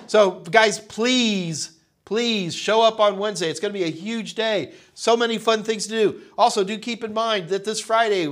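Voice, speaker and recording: A man's voice: high-pitched, a bit bright. A man hosting a live tech question-and-answer stream, chatty and upbeat, calling viewers folks, with a nagging cough. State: coughing, slightly hoarse.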